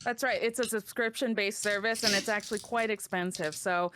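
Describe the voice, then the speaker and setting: A woman narrating an improvised fantasy story, animated and excitable and often tripping over her words. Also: fairly high pitch, moderate pace, slight background noise.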